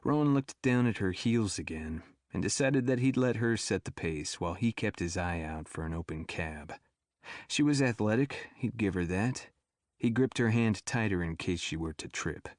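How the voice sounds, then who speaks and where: A man narrating an audiobook thriller in a steady, even storytelling manner. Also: on the low side, no echo, clean studio sound. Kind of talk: scripted narration.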